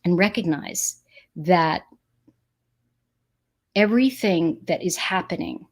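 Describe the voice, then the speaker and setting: Animated woman talking to viewers. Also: medium pitch. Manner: animated and emphatic, acts out quoted voices; spiritual, energy-focused advice. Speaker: vlogger hosting a live stream. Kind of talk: casual live-stream talk, reading viewer comments.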